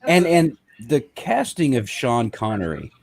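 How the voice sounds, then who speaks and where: A man's voice: medium pitch, very animated, unhurried, vocal fry, darkish tone. A man as a guest on a casual movie review chat, hesitant with many ums and false starts.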